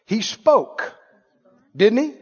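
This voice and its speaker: A man preaching a sermon, animated, asking the congregation questions and acting out scenes. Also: very high voice, very slow, husky. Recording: reverberant church hall, dull lo-fi sound.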